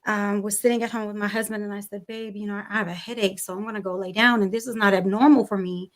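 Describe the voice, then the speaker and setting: A young adult woman, a panel guest on a talk show, telling a personal story in an animated way and acting out the dialogue. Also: mid-range voice, fast talker.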